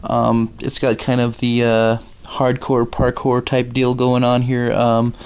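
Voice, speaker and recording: A man with a Minnesota accent giving a casual game review with commentary, halting often with ums and uhs. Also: mid-range voice, monotone, a little mellow, smooth.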